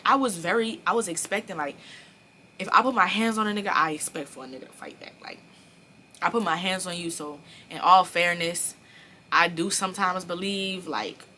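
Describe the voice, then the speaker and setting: Bright-voiced young woman telling a story. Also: on the low side, slight background noise. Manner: animated, profane storytelling that speaks straight to viewers. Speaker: vlogger. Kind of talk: storytime vlog.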